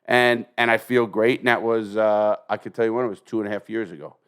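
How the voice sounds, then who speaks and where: A man's voice: fairly low pitch, fairly even intonation, quick pace, fairly bright tone, clear, resonant tone. An older American man hosting a podcast, telling stories bluntly with lots of swearing and acting out what others said. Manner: profane, blunt storyteller acting out quoted dialogue. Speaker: podcast host. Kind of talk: casual chat, storytelling.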